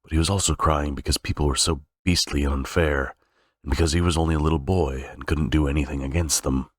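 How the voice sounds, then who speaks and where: A man with an extremely deep voice sight-reads a novel aloud. He halts now and then, fixing slips and restarting phrases. The recording is dry and close. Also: steady tone, fast talker, dry recording. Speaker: reader. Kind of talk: unrehearsed novel reading.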